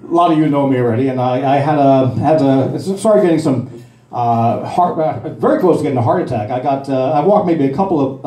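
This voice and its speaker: A man's voice: mid-range voice, mellow, roomy sound. Rambling older man doing stand-up. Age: 60s. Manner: rambling, halting delivery with many fillers and restarts. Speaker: amateur stand-up comic. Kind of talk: stand-up comedy.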